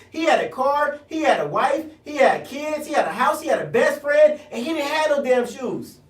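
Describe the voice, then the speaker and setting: In a Los Angeles accent, a radio host and political candidate from South Central LA rants in slang through an animated monologue. The pitch is extremely high and the tone fairly bright, but the audio is poor, distant, and reverberant.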